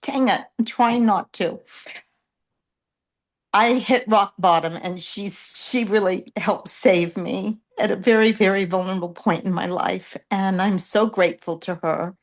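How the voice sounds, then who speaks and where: A woman on a video call praising an old friend, warm and fighting back emotion. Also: mid-range voice. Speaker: longtime friend giving a message.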